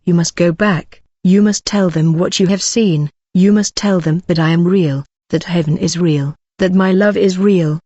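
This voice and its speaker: A woman's voice: fairly low pitch, moderate pace, few pauses, no room sound, highs cut off, lightly acted. A woman voicing a tender, loving divine figure. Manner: tender, calm, reassuring. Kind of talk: scripted narration.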